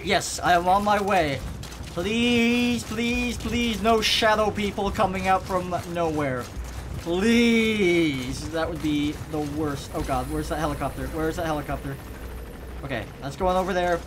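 Excitable swearing let's-play gamer, noisy. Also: medium pitch, unhurried. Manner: excitable, swears and yells at the game. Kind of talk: gameplay commentary.

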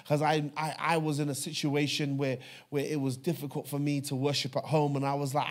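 A man preaching a sermon, telling a personal story with fervor, dropping to a hush and then rising loud. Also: on the high side, level tone, fairly quick, hardly any pauses. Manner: fervent storytelling, swings from hushed to loud. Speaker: pastor.

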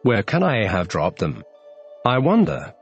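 A man voicing an anxious, fussy male white rabbit in a storybook reading, muttering and scolding in a lowered voice. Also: wildly swooping pitch, muffled recording, music in the background, full character voice. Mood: fretful. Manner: fretful, hurried muttering.

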